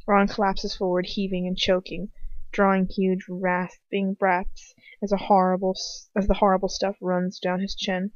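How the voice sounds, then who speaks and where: A woman's voice: mid-range voice, monotone, moderate pace, no echo. A woman narrates a fan fiction story in first person, reading earnestly and sometimes stumbling and restarting. Her voice sits in a middling range. The recording is dry and dull, like a lo-fi home setup. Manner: earnest, with occasional slips and restarts. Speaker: audiobook reader.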